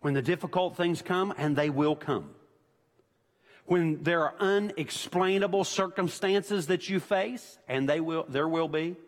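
A man's voice: on the high side, measured pace. A man preaching a sermon as pastor, emphatic and repeating his key points for weight. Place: church sanctuary. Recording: long church-hall reverb.

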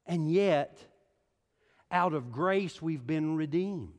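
A middle-aged male pastor preaching a sermon, moving from quiet scripture reading to emphatic exhortation. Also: a little high, slow. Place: church sanctuary. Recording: hall reverb.

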